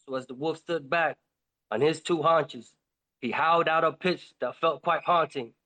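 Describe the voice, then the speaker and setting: A man's voice: on the high side, moderate pace, bright, forceful tone. Man reading a rhyming fable. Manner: lilting, dramatic spoken-word delivery. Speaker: host reading a poem. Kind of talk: rhymed storytelling narration.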